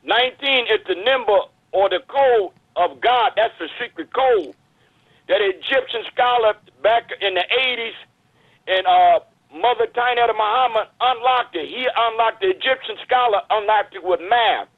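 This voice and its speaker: A man calls in to the show over a thin, tinny phone line. His voice sits high, and he preaches his views in an urgent, emphatic way. The sound is dry and close. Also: normal speed, dry recording. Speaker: caller. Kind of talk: impassioned call-in commentary.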